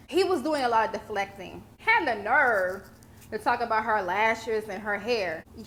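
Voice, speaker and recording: A woman's voice: fairly high pitch, a bit bright, a little hiss or hum. Sassy, blunt young woman ranting. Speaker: vlogger commentator. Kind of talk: casual commentary.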